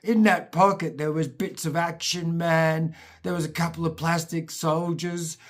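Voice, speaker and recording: A Scottish man telling comic childhood stories in a casual, animated way, with swearing and laughter. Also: fairly high pitch, unhurried. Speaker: storyteller, channel host.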